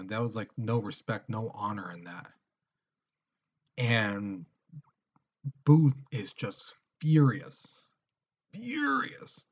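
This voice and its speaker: A man's voice: medium pitch, darkish tone, slightly rough. A man teaching history in a casual lecture, retelling events with acted-out quotes and frequent check-ins. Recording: dull lo-fi recording.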